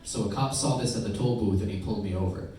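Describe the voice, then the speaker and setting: A young man from upstate New York doing a stand-up set with crowd work, trading quick asides and acting out other voices, on a comedy club stage. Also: fairly low pitch, warm tone, far from the mic. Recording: echoey club heard from afar, noisy.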